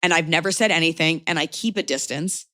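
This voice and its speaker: Blunt, animated woman podcast host. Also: low voice, fairly quick, no echo, studio quality. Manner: animated, blunt, acts out quoted voices. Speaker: podcast host giving advice. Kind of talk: casual advice chat.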